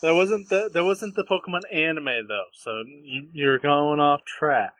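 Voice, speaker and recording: A young man co-hosting a podcast in casual chat, laughing often and teasing with quick banter. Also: a little high, noisy background. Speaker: podcast co-host.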